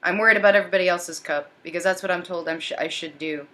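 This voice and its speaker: A woman's voice: on the low side, fairly even intonation, fast talker, pushed and bright. A woman voicing a pleading, anxious man in the first person during a tarot reading, repeatedly begging for help.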